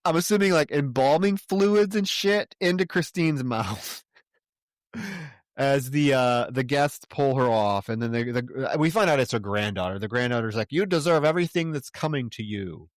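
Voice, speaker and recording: A man co-hosting a podcast and retelling a movie scene by scene in casual, animated speech. His voice sits in a middle pitch. He tosses in quick character impressions, and the room sound is dry and close. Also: no echo. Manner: animated storytelling, briefly mimics characters. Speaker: podcast co-host. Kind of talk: casual film recap.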